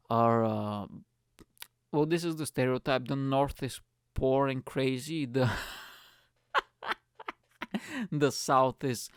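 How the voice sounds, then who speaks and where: Loud, energetic ranting man. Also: medium pitch, smooth, no echo, studio quality. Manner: loud, energetic, swearing, rambling. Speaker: podcast host. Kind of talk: ranting comedic monologue.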